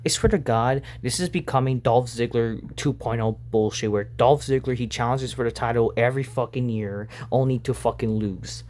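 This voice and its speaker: A man's voice: medium pitch, normal speed, few pauses, darkish tone, a little hiss or hum. A man reviewing a wrestling show in an angry, profane rant, sighing with exasperation between points. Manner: profane, exasperated, frequent sighs.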